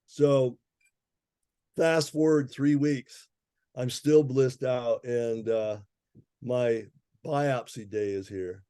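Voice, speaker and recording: A man's voice: medium pitch, fairly even intonation, extremely slow, long pauses, dark tone, smooth, no echo, studio quality. A man, an herbalist guest, telling a personal story in a casual interview, laughing often and acting out the people he quotes.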